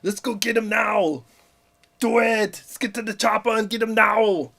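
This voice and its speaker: A man's voice: sits high, fairly even intonation, moderate pace, gravelly, sharp tone, voice pushed up, exaggerated voice. A man voicing a bombastic action hero who owns a tank. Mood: blustering.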